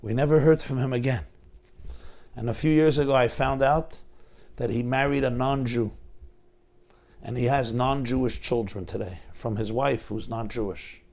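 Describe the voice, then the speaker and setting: Man, middle-aged, rabbi, gravelly voice, dramatic storytelling sermon, intensity rising and falling. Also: mid-range voice, fairly even intonation, normal speed, darkish tone. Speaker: rabbi lecturer.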